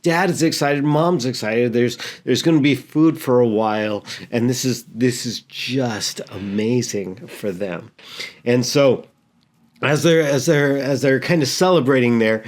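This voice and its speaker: A man, a pastor, telling a story in a sermon, halting and repeating words earnestly. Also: mid-range voice.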